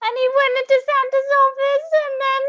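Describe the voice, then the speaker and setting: A tiny, frightened elf worker with a squeaky, pleading voice, as a woman puts it on. The voice sits very high and comes through slightly muffled, lo-fi audio. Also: flat delivery, fairly quick.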